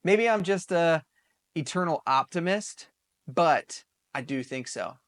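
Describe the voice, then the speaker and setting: Man, 30s, podcast host; upbeat, laughs often, a bit high-pitched. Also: expressive, slow pace, fairly bright tone. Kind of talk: casual opinion talk show.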